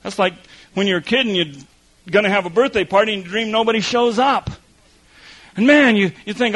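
A man preaching a sermon, swinging between loud emphasis and hushed asides. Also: sits high, animated, a little fast, low-quality recording.

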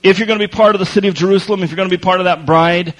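A man preaching a sermon, telling a lively story with laughs and then reading scripture slowly and quietly. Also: high voice, poor audio.

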